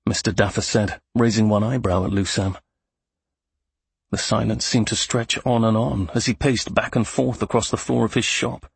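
A man narrating a fantasy audiobook in a steady, measured way. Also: mid-range voice, creaky, slightly rough, no room sound.

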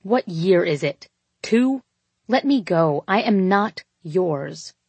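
A woman voicing a proud, sharp-tongued young woman who speaks slowly and coolly. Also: on the low side, animated, slightly rough, no room sound, full character voice. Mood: cool, cutting. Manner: cool and cutting, slow and deliberate.

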